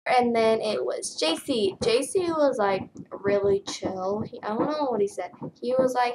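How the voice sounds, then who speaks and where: A young woman vlogger tells a story in a tired, flat way and fills it with lots of "like" and "um". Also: a little high, measured pace, few pauses, background noise. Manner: tired, flat delivery with many fillers. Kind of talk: casual storytelling vlog.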